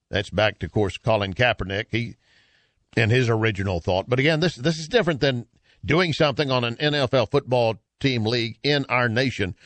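A man's voice: mid-range voice, fairly bright tone, dry recording. A man hosting an opinion commentary show, speaking emphatically and reading passages from an article aloud. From United States.

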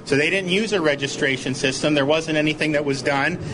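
Male politician, slightly high, combative and interrupting, noisy outdoor clip. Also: a little fast. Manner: combative, interrupting, sharp retorts. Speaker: state governor. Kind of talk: press conference answers. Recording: archival news clip with traffic noise.

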